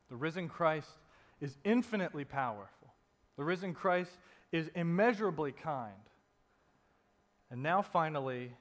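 A man preaching a sermon in a conversational way, dropping soft and low to stress a point. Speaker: pastor. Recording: long reverb in a hall.

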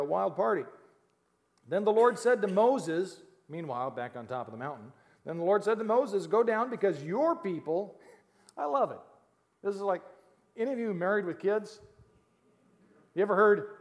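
A male pastor preaching a sermon, reading scripture aloud and breaking off into animated, laughing asides to the congregation. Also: high voice, normal speed, pauses often. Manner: animated, jokey asides with laughs, reads scripture then explains.

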